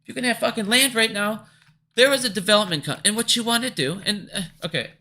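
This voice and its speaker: A man hosting his own finance video, ranting with heavy swearing and swinging between loud outbursts and low mutters. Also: fast talker. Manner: angry, profane, swings between shouting and muttering. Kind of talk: profane ranting commentary.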